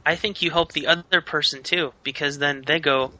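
A man co-hosting a casual podcast chat, explaining things and trailing off softly. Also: fairly high pitch, fairly quick, rough recording. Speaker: podcast co-host.

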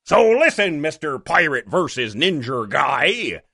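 A man voicing a boisterous old male pirate, growling out a comic review in a slow, rolling pirate drawl. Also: sing-song, vocal fry, sharp tone, husky, no room sound, studio quality, full character voice. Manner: growling pirate drawl, big swoops in pitch. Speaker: webcomic reviewer.

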